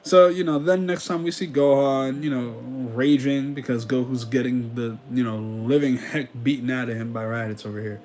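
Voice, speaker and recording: A man's voice: medium pitch, fairly even intonation, moderate pace, hardly any pauses, a little mellow, soft background music. A man giving casual commentary on an anime, retelling scenes in slangy paraphrased quotes. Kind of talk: casual commentary with recapped dialogue.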